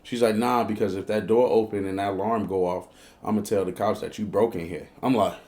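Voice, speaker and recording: A man with a Chicago accent hosting a casual comedic storytelling show, slangy and profane. He acts out both sides of each exchange and jumps into high, squeaky outbursts at the tense moments. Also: steady tone, brisk, darkish tone. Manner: breaks into high, squeaky outbursts when telling panicked moments. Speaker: storyteller host.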